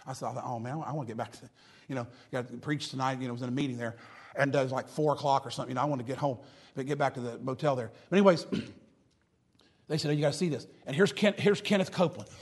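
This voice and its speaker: A man's voice: mid-range voice, quick pace. A man preaching a sermon in a folksy, mocking manner. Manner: folksy, mocking, preaching with rising and falling intensity.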